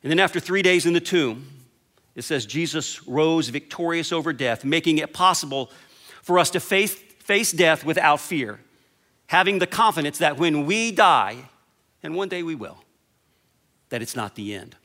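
Bright-voiced preaching man. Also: a little high, lively intonation, normal speed. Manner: storytelling, dropping to a hush on key lines. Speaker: pastor. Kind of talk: sermon.

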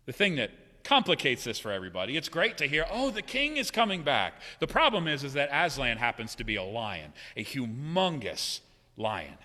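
A man's voice: medium pitch, big pitch swings, moderate pace. Preaching man in an echoing hall. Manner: conversational, joking, dramatic swings from loud to hushed. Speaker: pastor. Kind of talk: sermon.

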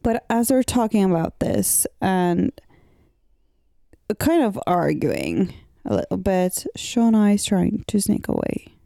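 A woman co-hosting a casual podcast, calmly talking through a comic's story. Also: mid-range voice, slow pace, vocal fry, no echo, clean studio sound. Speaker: podcast co-host. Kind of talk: casual chat about a comic series.

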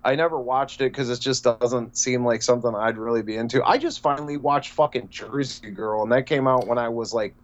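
Man, mid-pitched voice, rambling, fillers and restarts, dull lo-fi audio. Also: fairly even intonation, brisk, few pauses. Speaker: podcast co-host. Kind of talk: casual chat.

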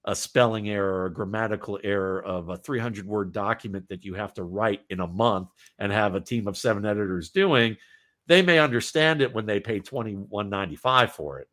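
A man's voice: on the low side, a little fast, fairly bright tone. A talkative man chatting as a podcast guest, rambling with many restarts. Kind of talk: casual podcast conversation.

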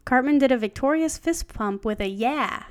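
A woman's voice: sits high, a little fast, clear, resonant tone, dry recording, studio quality. A woman co-hosting a casual podcast, reading a fan story aloud and breaking off to joke and comment. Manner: chatty, joking, stops to comment.

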